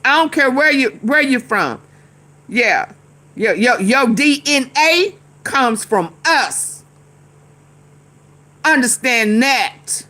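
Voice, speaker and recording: A woman's voice: high voice, expressive, slow, long pauses, bright, forceful tone. A woman, commenting heatedly on a news clip and calling out her chat. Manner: heated, talks back to the screen and commenters. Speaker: commentary streamer. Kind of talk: casual reaction commentary.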